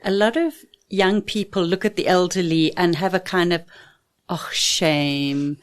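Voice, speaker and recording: A woman's voice: lowish voice, steady tone, normal speed. A woman, co-hosting a podcast and asking probing questions in a conversational way. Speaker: podcast co-host. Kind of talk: casual podcast interview.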